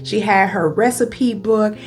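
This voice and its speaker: A woman's voice: medium pitch, steady tone, slow. A middle-aged woman coach telling an emotional personal story, speaking straight to her viewers and holding back tears. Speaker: coach and video host. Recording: guitar music playing behind.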